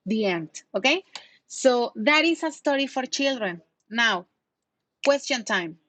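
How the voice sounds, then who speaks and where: A woman's voice: on the high side, lively intonation, slow, a bit bright, no echo. Patient woman teaching English. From Mexico. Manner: patient, explaining, asking questions. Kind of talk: online English lesson.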